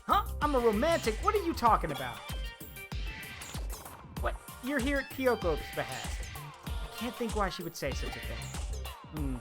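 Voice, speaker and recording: A man's voice: high voice, huge pitch swings, moderate pace, long pauses, pitched above the performer's own voice. A man reading aloud the lines of a cool young man from a game, in a dry, questioning way over game music. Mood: puzzled.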